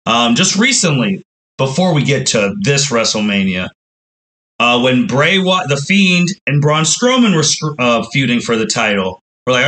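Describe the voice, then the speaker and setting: Male podcast host, mid pitch, bright and forceful tone, casual storytelling recap that voices the fans' reactions. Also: lively intonation, measured pace, rough recording.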